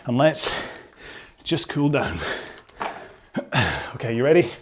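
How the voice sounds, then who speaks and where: A man's voice: medium pitch, big pitch swings, takes it slowly, a little hiss or hum. A man hosting a rowing workout from his home garage, chatting casually in a rambling, jokey and self-deprecating way during the cool-down.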